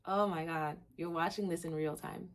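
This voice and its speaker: A young woman hosting a gratitude vlog, talking candidly to camera and rambling with lots of "like.". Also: moderate pace. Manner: candid, rambling, heavy use of "like"; laughs at herself, swings between low and excited. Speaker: vlog host.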